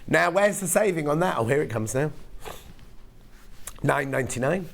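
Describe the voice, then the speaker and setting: Hoarse male shopping presenter, gravelly, slightly high, chatty and self-mocking. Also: animated, moderate pace, slight background noise. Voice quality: croaky, gravelly. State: hoarse, losing his voice. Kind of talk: live sales presenting.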